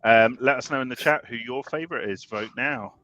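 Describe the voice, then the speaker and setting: A man's voice: mid-range voice, a little fast, sharp tone, lo-fi sound, slight background noise. A man hosting a casual livestream chat, joking and swearing with plenty of ums. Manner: joking, swears, many fillers. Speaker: host.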